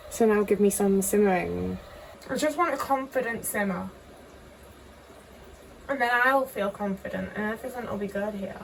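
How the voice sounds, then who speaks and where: A woman's voice: medium pitch, creaky, far from the mic, slight background noise. A young woman chatting anxiously to the camera while cooking in her home kitchen, questioning herself and swearing often. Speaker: vlogger. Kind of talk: casual cooking vlog talk.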